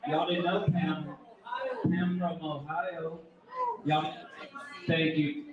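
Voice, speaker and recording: A man's voice: a little high, little pitch movement, takes it slowly, narrow, tinny audio. A man with a New York accent hosting a live debate and joking with the audience. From New York City. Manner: joking, loud crowd-working. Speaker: debate moderator. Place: brewery event space with live audience. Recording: echoey room, mic far off, crowd.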